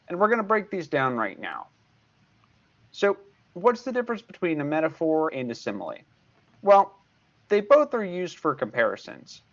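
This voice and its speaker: Older man, tutor, video lesson, patient and repetitive, animated voice, slightly dull audio. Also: fairly high pitch. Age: 60s. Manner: patient, repeats key points. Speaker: math tutor.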